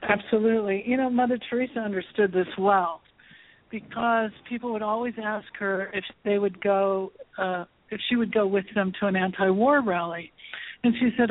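A woman's voice: medium pitch, normal speed, no room sound. A woman hosting a spiritual talk show, speaking emphatically in a preaching cadence. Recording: tinny phone line, dry.

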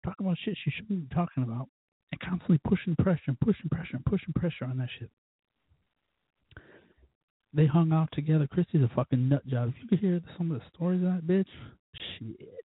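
A man's voice: on the high side, quick pace, slightly rough, dry recording. Podcast host, male, profane fired-up ranter; dry, phone-quality audio. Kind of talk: casual ranting monologue.

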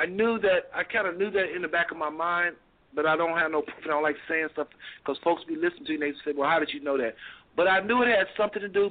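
A man hosting a talk show, speaking colloquially and thinking aloud as he questions a guest. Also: fairly high pitch. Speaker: host. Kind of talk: casual talk show on deliverance. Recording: tinny phone line.

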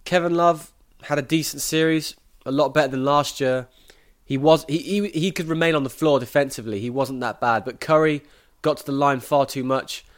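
A man hosting a sports podcast, giving brisk, opinionated analysis and then interviewing a guest. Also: a little high. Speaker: podcast host.

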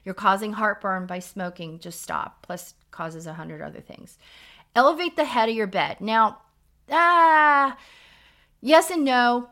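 A middle-aged woman talks through health advice on a podcast in a blunt, emphatic, lecturing manner. Her voice is bright and forward, and her pitch sits in the middle of the range. She sounds casual and direct. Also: normal speed. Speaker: podcast co-host, nurse practitioner.

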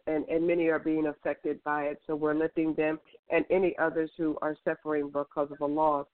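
A woman's voice: low-pitched, no room sound. Upbeat lady hosting a faith radio show, keeps repeating words, tinny dry phone sound.

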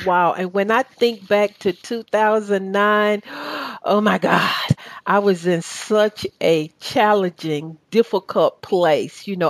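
A woman's voice: on the low side, no echo. A woman with a Southern US accent hosting a radio talk show, chatting and telling a heartfelt personal story. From Atlanta area, US.

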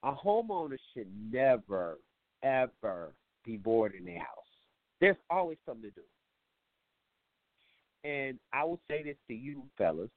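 On a tinny, phone-like, dry line, a male show host delivers a comedic call-in monologue in a mid-range voice with big pitch swings. He speaks at a measured pace with frequent pauses, rambling and joking with lots of swearing.

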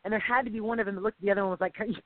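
A woman with a mid-range voice co-hosts a casual faith talk, rambling in an animated way with frequent exclamations. The sound is tinny and phone-like, dry and close. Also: mid-range voice, rapid-fire, no echo. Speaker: podcast co-host.

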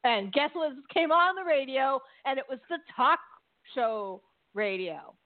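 A chatty woman co-host talks loosely with fillers and easy laughter. Her voice sits a touch high. The sound is thin and phone-like, with no room echo. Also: expressive, unhurried. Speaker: podcast co-host. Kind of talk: casual chat. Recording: dry, phone-like line.

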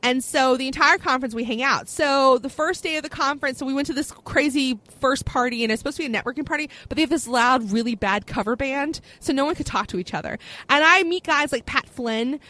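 A young adult woman, a podcast host, telling a long story in casual chat, animated and full of fillers. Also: high-pitched, fairly quick. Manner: chatty, animated storyteller with frequent fillers and laughs. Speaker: podcast host, being interviewed.

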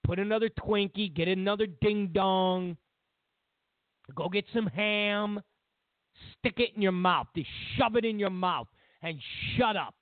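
A man's voice: high voice, measured pace, no room sound. A man hosting a talk radio show, ranting and mocking in a repetitive way. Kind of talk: talk radio political commentary. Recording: tinny phone line, dry.

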